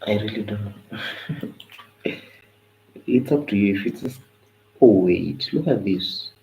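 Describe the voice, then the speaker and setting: A young man chats loosely through his trading charts, dropping into Swahili phrases. His voice sits low and gravelly, worn down and tired. A faint hiss runs under the stream audio. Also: animated, slow pace, mellow, low-quality recording. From Kenya. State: tired, voice going. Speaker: forex trading analyst. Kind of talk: casual live chart analysis.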